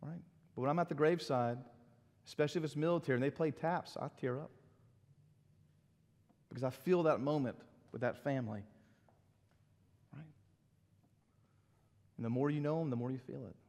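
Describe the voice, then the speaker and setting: A middle-aged man, a pastor preaching a sermon in an animated, conversational way with asides. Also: medium pitch, normal speed, long pauses, big-room sound.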